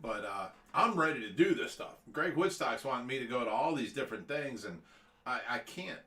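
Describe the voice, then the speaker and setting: A man's voice: mid-range voice, expressive, brisk, a bit bright, roomy sound. A middle-aged man hosting a casual livestream, rambling and laughing often. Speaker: host.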